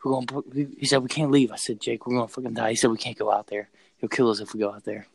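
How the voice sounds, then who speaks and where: A young man excitedly telling a scary story in a casual chat, swearing and repeating himself. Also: mid-range voice, quick pace, gravelly, husky, no room sound, rough recording. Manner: excited, profane, repeats phrases.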